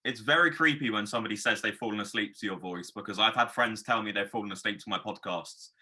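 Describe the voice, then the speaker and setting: Very bright-toned podcast host. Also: male voice, fairly low pitch, quick pace, husky. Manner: friendly, hesitant, repeats words. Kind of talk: casual podcast interview.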